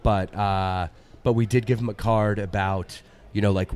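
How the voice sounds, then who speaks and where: A man's voice: on the low side, fairly even intonation, moderate pace, darkish tone, clear, resonant tone. A man co-hosting a podcast, telling a long story in a rambling way, with lots of fillers. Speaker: podcast co-host. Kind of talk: casual chat.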